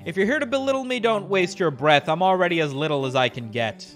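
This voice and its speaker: A man's voice: sits high, animated, quick pace, soft background music. A man voicing a gloomy, self-pitying male musician, reading game dialogue aloud in a melodramatic way. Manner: melodramatic confession read aloud.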